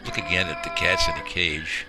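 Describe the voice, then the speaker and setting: A man with a very low, deep voice narrates a home video in a folksy, rambling manner, filling gaps with small fillers. Music plays steadily behind the voice. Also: fairly even intonation, normal speed. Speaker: shelter volunteer and video narrator.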